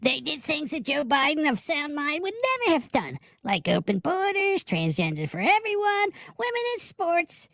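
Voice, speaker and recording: A man putting on a high, squeaky parody of a blustering politician reading a post, stumbling over words. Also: huge pitch swings, moderate pace, gravelly, hardly any pauses, sharp tone, no room sound, full character voice. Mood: bombastic.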